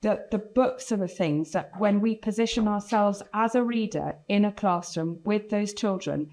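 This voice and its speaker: A woman's voice: medium pitch, normal speed, darkish tone, low-quality recording. Woman on a conference panel, passionate and emphatic, medium voice. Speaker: conference speaker on teaching. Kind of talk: panel talk.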